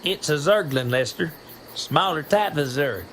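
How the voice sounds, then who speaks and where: A curt, bossy sergeant. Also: male voice, on the high side, lively intonation, measured pace, a bit bright, slight background noise. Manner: curt, commanding. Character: bossy male squad sergeant, adult. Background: game music.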